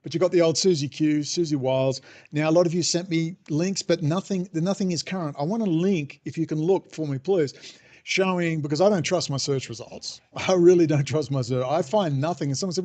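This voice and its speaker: A man's voice: fairly high pitch, a little fast, a little mellow. A man ranting sarcastically in a monologue as podcast host. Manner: irreverent, sarcastic, mocking voices.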